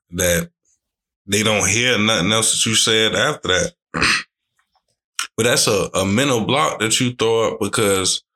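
A man's voice: on the low side, sharp tone. A man in a casual chat, agreeing and reflecting on the point.

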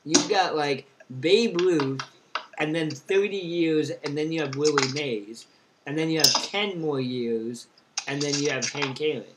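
A man co-hosting a casual sports chat, animated and jokey, talking in quick bursts. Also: on the high side, very noisy.

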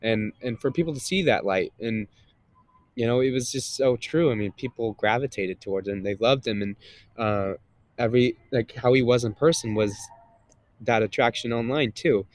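A man's voice: medium pitch, moderate pace, no echo. A man, a guest and content creator, chatting casually in an interview with a slightly nasal voice, rambling with many fillers and restarts.

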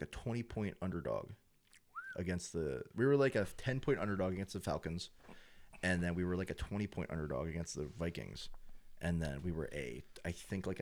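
A young man chatting casually as a sports fan, rambling with lots of filler words and getting animated when he acts out fans and announcers. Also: deep voice, gravelly. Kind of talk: casual chat.

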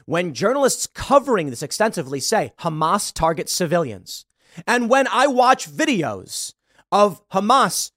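A man's voice: high voice, fairly bright tone, dry recording, studio quality. A man hosting a podcast, giving heated, emphatic political commentary and stumbling over repeated words when worked up. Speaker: podcast host.

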